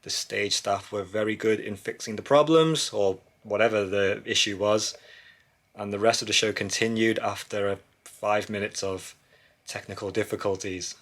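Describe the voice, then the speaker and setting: A man's voice: lowish voice, fairly even intonation, normal speed. A man talking casually and enthusiastically as a travel vlogger, chatting to the camera. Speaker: cruise vlogger. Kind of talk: casual vlog narration. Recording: loud music behind the voice.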